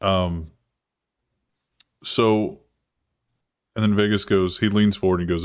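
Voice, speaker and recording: A man's voice: low voice, fairly even intonation, slow, long pauses, smooth, no echo, clean studio sound. A man narrating as game master in a live tabletop role-playing stream, rambling and restarting as he goes. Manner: rambling, restarts, voices characters in quotes.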